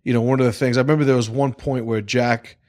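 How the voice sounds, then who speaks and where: A man's voice: medium pitch, steady tone, fast, a little mellow, no room sound, studio quality. A man hosting a casual livestream podcast, rambling, swearing freely and restarting his sentences. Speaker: podcast host.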